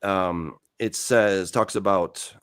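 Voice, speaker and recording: A man's voice: sits low, slow, clean tone, no room sound, studio quality. A man, a Bible teacher and author, explaining scripture in conversation. He tells the stories with animation, acts out dialogue, and often restarts with fillers. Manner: animated storyteller who acts out quoted dialogue.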